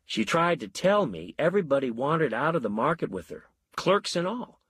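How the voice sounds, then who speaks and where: A plain-spoken scientist sounds glum and matter-of-fact, voiced by a man reading a story aloud. The voice stays close to the reader's own, with a husky grain and a dry, close sound. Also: fairly high pitch, very animated, normal speed, fairly bright tone, no echo, voice pushed up, heavily acted. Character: baffled scientist friend, adult man, glum.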